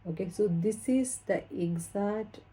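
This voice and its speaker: A woman's voice: mid-range voice, unhurried, dark tone, slightly rough. A woman with an Indian accent explaining test practice in an earnest teaching manner, recorded on a phone camera. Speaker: English test trainer.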